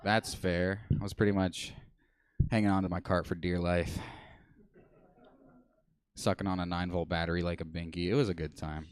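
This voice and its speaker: A man in his twenties doing a deadpan, self-mocking stand-up set on a small comedy stage. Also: low voice, normal speed, pauses often, smooth. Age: 20s.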